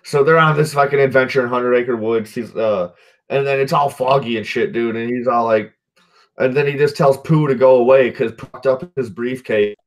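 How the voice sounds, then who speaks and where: A podcast host with a medium-pitched male voice talks at a moderate pace while casually recapping a movie. His loose, profanity-heavy ramble is full of "dude" and "like," and he keeps backtracking to correct himself.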